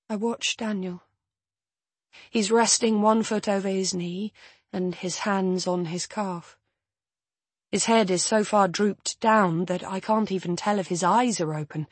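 A woman narrating a first-person audiobook in a measured, even storytelling manner. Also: mid-range voice, breathy edge, no echo.

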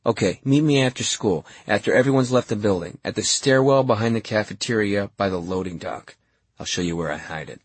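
A man voicing a calm, scheming adolescent boy who speaks slowly and in a hushed, conspiratorial way. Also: fairly low pitch, breathy edge, no echo.

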